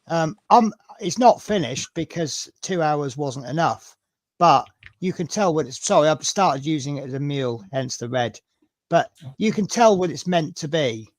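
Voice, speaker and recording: A chatty man with a broad Norfolk accent tells stories in a casual live chat. His voice sits a little high and the sound is dry and close. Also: animated, moderate pace, no room sound. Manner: chatty, storytelling, restarts often. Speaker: fellow modeller on a live chat.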